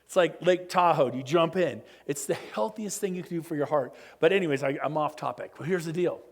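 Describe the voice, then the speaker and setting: A man gives a motivational seminar talk. His voice sits high for a man, and he preaches with big swings between loud bursts and quiet asides. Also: brisk. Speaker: motivational speaker. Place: conference room.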